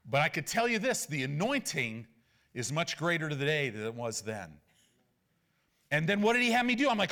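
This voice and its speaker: A man in his forties, a pastor, preaching with animated personal stories and rhetorical questions. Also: fairly high pitch, normal speed.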